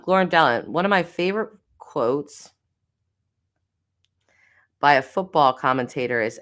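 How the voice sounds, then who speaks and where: A woman's voice: lowish voice, a bit bright. A middle-aged woman hosting a casual live stream, reading chat comments aloud, giggling and teasing herself about getting names wrong. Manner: giggly, self-deprecating, chatty.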